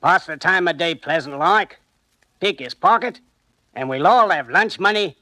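A cool pickpocket who speaks tersely and matter-of-factly. His voice is bright and a bit high. It is recorded dry. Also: moderate pace, no room sound, rough recording. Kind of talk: old-time radio drama acting.

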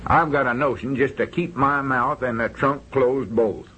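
A man's voice: medium pitch, normal speed, pushed and bright, dull audio, a little hiss or hum, lightly acted. A man playing a drawling, exasperated country storekeeper. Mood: grumbling. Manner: drawling, folksy, bossy. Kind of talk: old-time radio comedy acting.

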